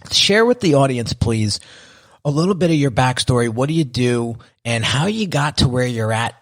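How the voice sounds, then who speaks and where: A man hosting a podcast interview, greeting and questioning his guest with loud enthusiasm. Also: medium pitch, gravelly. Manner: hyped, enthusiastic. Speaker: podcast host.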